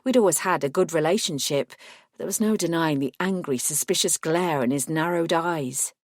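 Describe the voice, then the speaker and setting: A woman reading a first-person fantasy audiobook in a measured, even storytelling voice. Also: low-pitched, no room sound, clean studio sound. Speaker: audiobook narrator.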